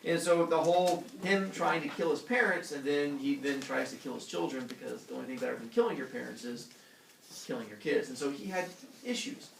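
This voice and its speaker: A man's voice: on the high side, brisk, gravelly, slight background noise. A man teaching a classroom lesson, joking and acting out voices as he explains. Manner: animated, jokey, acts out voices. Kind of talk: classroom lecture. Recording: roomy classroom audio from far off.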